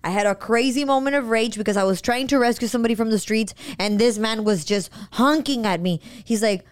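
Podcast host, woman, high-ish voice, animated storyteller who code-switches into Spanish. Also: fairly quick, smooth. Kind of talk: casual storytelling chat.

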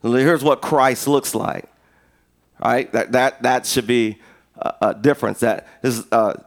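A middle-aged man preaching a sermon as pastor, an animated, joking storyteller who acts out conversations. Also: medium pitch, slow.

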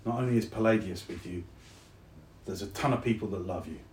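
A man voicing a warm-hearted soldier friend with a South London accent, speaking low and soft. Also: steady tone, measured pace, roomy sound, slight background noise, natural voice. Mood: tender.

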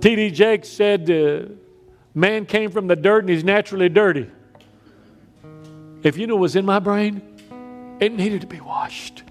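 A man preaching a sermon, telling stories with big swings between loud raised lines and quiet emphatic drops. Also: high-pitched, moderate pace, long pauses, soft background music. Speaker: pastor.

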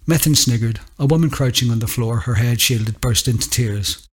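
A man narrates a story in a measured, steady delivery. His voice has a husky, slightly breathy grain at a middle pitch.

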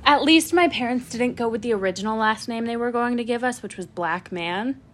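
A woman's voice: a little high, brisk. A woman co-hosting a podcast in casual chat, rambling through stories and laughing often. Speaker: podcast co-host.

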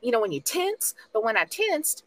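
A woman's voice: high-pitched, wildly swooping pitch, moderate pace, a bit bright. A woman playing a tabletop game, talking in a hesitant, rambling way. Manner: hesitant, rambling, laughs easily. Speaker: player. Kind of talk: tabletop role-play.

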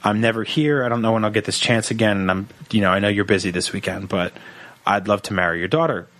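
A young man on a comedy podcast, telling a long personal story in an animated, joking way and acting out the people in it. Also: on the low side, fast talker, dry recording. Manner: animated storyteller, acts out quoted voices. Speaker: podcast co-host.

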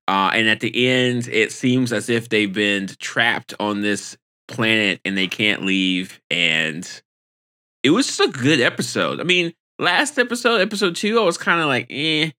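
A man talking casually as a podcast co-host, his bright, forceful voice leaping high whenever something excites him. He speaks with lively swings in pitch. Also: measured pace. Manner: animated, pitch jumps when excited. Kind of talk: casual chat.

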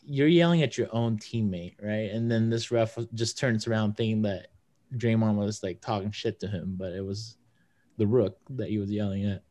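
A man's voice: fairly low pitch, normal speed, dark tone. A young man co-hosting a casual sports podcast, talking loosely with many fillers. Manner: rambling, lots of fillers. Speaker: podcast co-host.

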